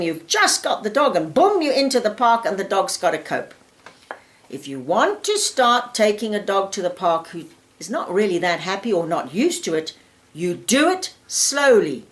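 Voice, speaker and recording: A firm, emphatic woman gives practical dog-handling advice at a middle pitch, her voice swinging widely as she drops into quick little quotes of owners and dogs. She sounds practical and sure of herself. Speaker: dog trainer giving advice. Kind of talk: advice talk to camera.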